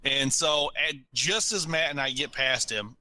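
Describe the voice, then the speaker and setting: A man co-hosting a podcast, telling a story in a casual, animated way and acting out what people said. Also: medium pitch, a little slow. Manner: animated, laughs while telling stories, acts out quotes. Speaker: podcast co-host.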